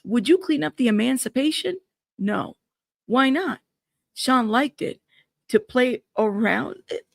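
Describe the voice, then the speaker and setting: A woman's voice: mid-range voice, creaky, dry recording, studio quality. A woman hosting a live-stream, reading court updates aloud and breaking in with startled asides. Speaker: live-stream news host.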